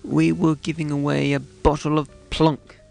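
A man hosting a comedy radio show, rambling in a mock-earnest, deadpan way. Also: on the high side, moderate pace, gravelly, faint music behind. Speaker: radio host.

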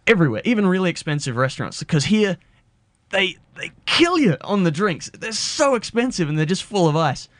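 Brief: Australian male radio co-host, slightly high voice, dry close sound, jokey faux outrage. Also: sing-song, a little fast, a bit bright, no room sound. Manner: mock-indignant, playful ranting. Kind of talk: casual radio banter.

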